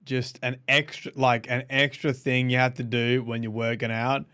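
A man's voice: medium pitch, clear, resonant tone. A man co-hosting a podcast in easygoing casual chat. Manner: lively, quick, easygoing. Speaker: podcast co-host.

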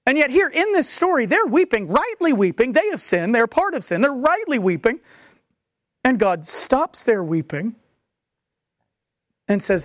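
A woman delivers a sermon in a high, swooping voice. She preaches conversationally, with animated asides. The sound is dry and close, with no room echo. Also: unhurried, long pauses.

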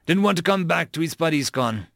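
Man doing reflective male marine, measured, lively pitch, gravelly. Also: no echo. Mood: somber. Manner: measured, explaining.

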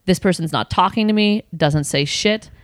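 Low-voiced woman telling a story. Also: moderate pace, no room sound, clean studio sound. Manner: animated, swearing, acts out her own past lines. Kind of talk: casual chat, storytelling.

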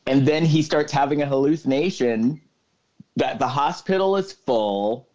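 A man's voice: mid-range voice, measured pace, darkish tone, muffled recording. A man co-hosting a podcast, recapping a movie plot at length in casual chat, stringing scenes together with "so then.". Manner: retells the plot at length with many "so then" fillers. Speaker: podcast co-host.

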